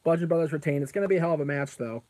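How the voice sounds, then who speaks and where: A man's voice: fairly high pitch, racing, a little mellow. A man hosting a casual live stream who rambles, answers chat comments aloud, and often stops to correct himself with plenty of fillers. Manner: frequent fillers and self-corrections.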